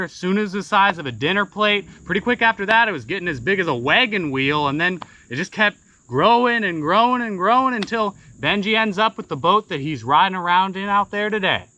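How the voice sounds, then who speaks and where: Bright-voiced folksy tall-tale teller. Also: male voice, high-pitched, animated, a little fast, few pauses, rough recording. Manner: casual, rambling, many fillers. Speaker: storyteller.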